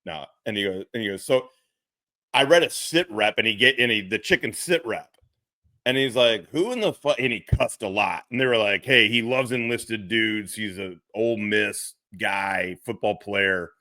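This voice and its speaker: A middle-aged man tells a loose, profane story, often laughing and putting on the voices of officers. His voice sits low but sounds bright and forceful. The sound is dry and close. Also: moderate pace, no room sound. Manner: rambling, profane, laughing, acts out quoted officers. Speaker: podcast co-host. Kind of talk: casual storytelling.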